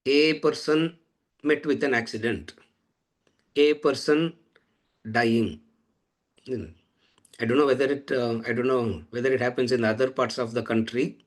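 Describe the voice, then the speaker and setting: A man's voice: medium pitch, fairly even intonation, normal speed, pauses often. A man teaching a lecture on scripture, repeating phrases and asking rhetorical questions. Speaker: Vedanta teacher.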